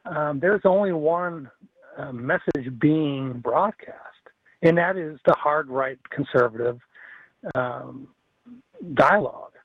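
A man calling in to a radio show, making his point in an earnest, deliberate way. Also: fairly high pitch, no room sound. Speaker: radio caller. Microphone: telephone. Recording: tinny phone line.

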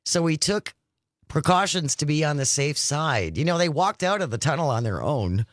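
A man's voice: fairly high pitch, big pitch swings, moderate pace, no echo, studio quality. A man hosting a radio show, recapping a news story and chatting with his co-host. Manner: chatty, reads stories then riffs. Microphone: studio microphone.

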